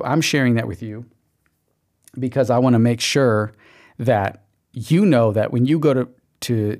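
With a darkish tone in a mid-range voice, this man hosts a podcast and delivers an emphatic motivational monologue. He sprinkles in repeated okays like a pep talk and performs quoted inner voices.

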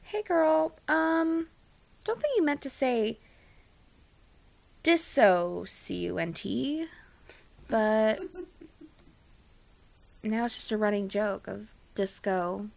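A young woman co-hosts a casual podcast and tells stories with dramatic flair, acting out quotes as she goes. Her voice sits a little high and swoops widely as she talks. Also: slow, creaky, pauses often. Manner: animated, dramatic storyteller who acts out quotes. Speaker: podcast co-host. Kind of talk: casual storytelling chat.

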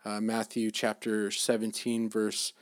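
A middle-aged dad giving an informal sermon in a casual, halting way, with many restarts and fillers. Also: male voice, on the low side, monotone, dry recording, studio quality. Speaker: dad giving a faith talk.

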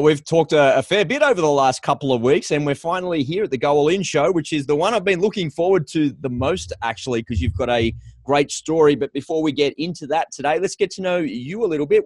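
A man hosting a podcast, upbeat and lively as he reads the intro and chats with his guest. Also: on the high side, dry recording, clean studio sound. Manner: upbeat, lively, promo-style. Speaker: podcast host.

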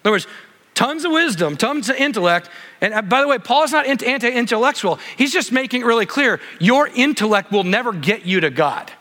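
Male pastor, high bright voice, conversational sermon with animated emphasis, reverberant church hall. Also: a little fast. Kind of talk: expository sermon.

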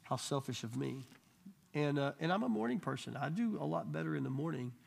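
A man teaching a Bible study to a live group, telling stories in a casual, animated way and acting out the people he quotes. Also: fairly high pitch, brisk, vocal fry. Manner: animated storyteller, acts out quoted voices. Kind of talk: casual church teaching with storytelling.

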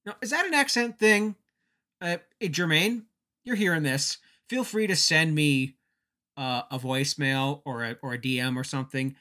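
A man's voice: on the high side, normal speed, pushed and bright. A man hosting a podcast, recapping casually with wry, chatty asides. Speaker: podcast host.

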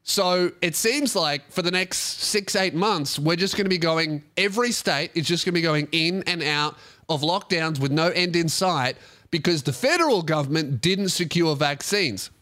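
A young man with an Australian accent and a notably high speaking voice, hosting a casual podcast. He rants sarcastically and swears freely as he talks. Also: moderate pace, sharp tone. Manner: profane, ranting, sarcastic. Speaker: podcast host and comedian.

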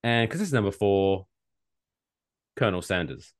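Animated, swearing male podcast co-host. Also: low voice, moderate pace, clear, resonant tone. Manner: animated, swearing, mock-theatrical announcing. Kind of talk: casual comedic podcast banter.

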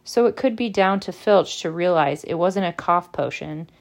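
A woman reading aloud and voicing a clever teenage schoolgirl witch who explains things briskly and scornfully. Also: fairly low pitch, expressive.

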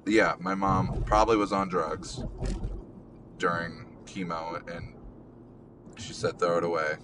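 A young man hosting a casual podcast, talking haltingly with many ums and restarts, in an emotional way, from a car. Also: deep voice, steady tone, background noise. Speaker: podcast host.

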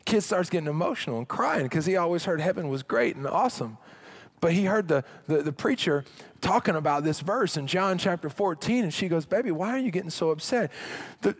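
A middle-aged man preaching a sermon as pastor, humorous and conversational, with dramatic drops to a hush. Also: fairly high pitch, expressive, brisk, slightly rough.

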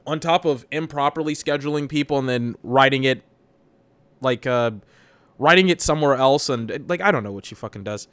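A man's voice: fairly high pitch, a bit bright, no room sound. A young man hosting a solo podcast, ranting about his job in a profane, exasperated, rambling way. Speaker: podcast host. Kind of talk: solo venting rant.

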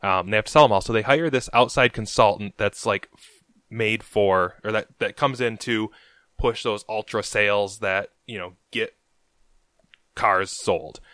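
A man co-hosting a casual movie podcast, talking in a relaxed way with frequent ums. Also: lowish voice, a little slow, smooth, no echo. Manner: relaxed, hesitant with many ums. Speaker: podcast co-host. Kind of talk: casual chat.

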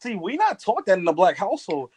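A man's voice: high voice, wildly swooping pitch, quick pace, a little mellow, breathy edge, poor audio. A man from Virginia, a podcast co-host, joking and swearing in casual chat.

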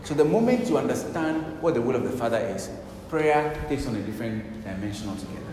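Emphatic preacher in an echoey hall. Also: male voice, medium pitch, animated, a little fast, background noise. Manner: emphatic, swinging between loud urgent bursts and hushed passages. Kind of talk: sermon. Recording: echoey hall with long reverb, faint ambience.

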